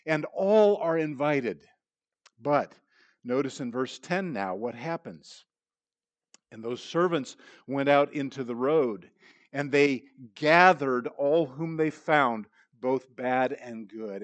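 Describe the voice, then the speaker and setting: A man's voice: mid-range voice, dry recording. A man preaching an expository sermon, teaching earnestly, asking rhetorical questions and restarting with repeated words. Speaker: pastor.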